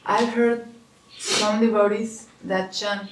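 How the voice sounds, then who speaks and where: A woman's voice: mid-range voice, little pitch movement, slow, a little hiss or hum. A woman in the audience asking a hesitant question. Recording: echoey room from far off.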